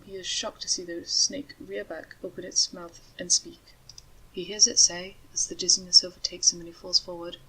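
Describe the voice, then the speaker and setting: A woman narrating a story in a steady, measured way. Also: fairly low pitch, slight background noise, low-quality recording.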